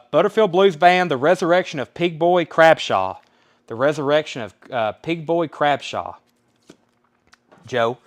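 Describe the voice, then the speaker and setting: A man with a Southern US accent hosting a live online record sale, calling out album titles, prices and the names of buyers in a folksy, unhurried way. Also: medium pitch, fairly bright tone. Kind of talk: live-stream sales patter.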